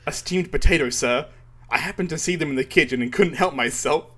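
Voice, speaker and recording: A man chatting casually, retelling a story in an animated way with frequent laughter and swearing. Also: on the high side, a little fast, slightly rough. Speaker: podcast co-host. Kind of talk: casual chat retelling a manga chapter.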